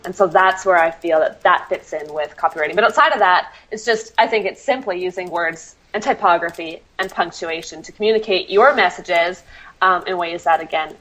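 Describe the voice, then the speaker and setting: Through a rough recording, a woman with a lowish, slightly bright voice handles interview questions as a copywriter. She is self-deprecating and apologetic, laughs a lot, and fills her answers with ums.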